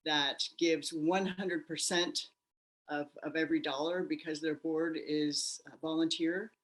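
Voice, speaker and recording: As an interview guest, a woman tells her personal story with animated energy, slipping into the voices of people she quotes. Her voice sits slightly low and she keeps a measured pace.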